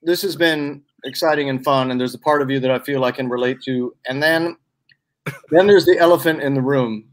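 A man's voice: mid-range voice, fairly quick. A man in casual chat, playful and teasing, stretching out each reveal. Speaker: guest presenter.

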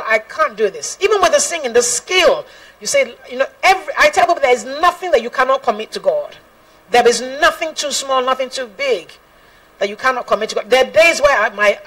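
Gospel singer lady telling her story, kinda high voice, laughs a lot, sounds a bit far off. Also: a bit bright, slightly rough. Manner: earnest, laughs often, quotes scripture. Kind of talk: personal testimony talk.

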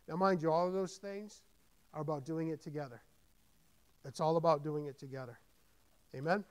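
A man preaching as a pastor with a high, bright-edged voice, swelling into emphatic scripture readings and then easing into relaxed, conversational asides. He stumbles and repeats words when he thinks aloud, keeping the sermon informal. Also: fairly quick.

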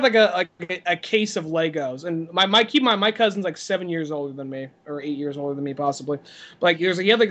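A man with a notably high voice co-hosts a casual podcast. He tells stories in an animated way and swears freely as he talks. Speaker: podcast co-host. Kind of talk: casual chat.

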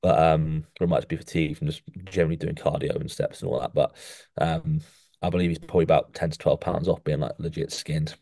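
A man's voice: rumbling low, fast, vocal fry, no echo, studio quality. A young man co-hosting a casual podcast who rates physiques and tacks "mate" onto almost every sentence. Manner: says "mate" constantly, animated coaching tone. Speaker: podcast co-host rating physiques. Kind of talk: casual chat. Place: podcast studio.

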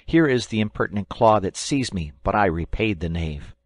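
A man voicing an excited, boastful young boy in an audiobook, shrill and exclaiming. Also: moderate pace, no room sound.

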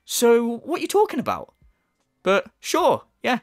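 A man delivering a ranting commentary, exasperated and sarcastic, swearing freely. His voice sits high and swings widely in pitch. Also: wildly swooping pitch, a little slow. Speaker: commentary YouTuber.

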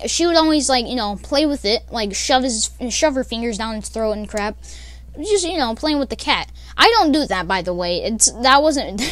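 A woman's voice: a little high, no room sound. A young woman telling a casual storytime, rambling with many fillers and laughs. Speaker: vlogger.

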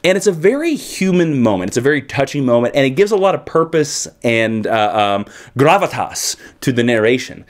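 A man's voice: medium pitch, very animated, a little fast. A man from Kansas who reviews comic books casually and enthusiastically, with swooping emphasis. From Kansas, United States.

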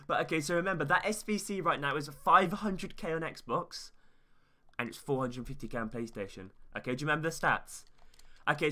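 A young man giving casual, chatty gaming commentary, talking straight to his viewers in an excited way. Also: fairly high pitch. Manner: fast, chatty, hyped, talks straight to viewers. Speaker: gaming YouTuber.

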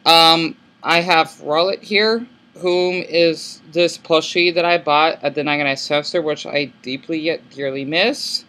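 A man in his late twenties with an American accent and a squeaky voice, talking in a soft-spoken, hesitant way with many fillers and restarts into a laptop mic in a casual vlog. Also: steady tone, a little slow, hardly any pauses. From United States. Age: late 20s. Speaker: vlogger. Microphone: laptop built-in mic.

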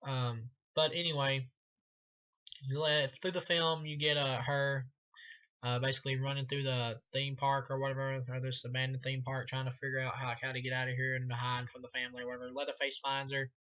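A man's voice: mid-range voice, flat delivery, brisk, bright, forceful tone, highs cut off. A man giving a casual spoken film review, rambling, laughing often and swearing freely.

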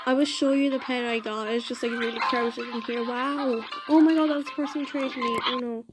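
A woman chatting excitably to viewers while playing a game, with loud game music behind her voice. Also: on the high side, brisk, poor audio. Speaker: gameplay video maker. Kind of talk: casual gameplay commentary.

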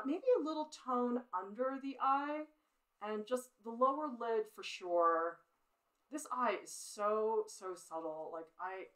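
A woman's voice: mid-range voice, a bit bright, low-quality recording. A middle-aged woman art teacher giving a live-streamed drawing demo, chatty and self-critical as she talks through her work and laughs at her own mistakes.

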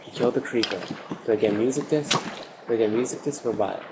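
A man commentating his own survival game play, excitable, talking to the mobs and breaking into loud outbursts. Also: medium pitch, fast talker, heavy background noise. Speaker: gaming commentator. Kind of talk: Minecraft let's play commentary.

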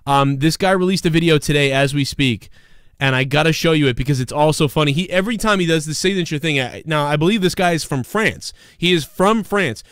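A man hosting a live stream show in casual, profane chat, breaking into loud mock screams when excited. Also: a little high, clean tone, no room sound, studio quality. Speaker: livestream show host.

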